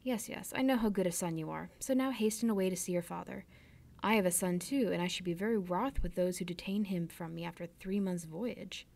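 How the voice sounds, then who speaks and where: A warm, fatherly ship owner speaks with easy encouragement, read by a woman in a storybook voice. His tone is mellow and soft rather than bright, gently pleased with the young sailor in front of him. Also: fairly low pitch, a little fast, vocal fry. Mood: genial. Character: kindly middle-aged male ship owner.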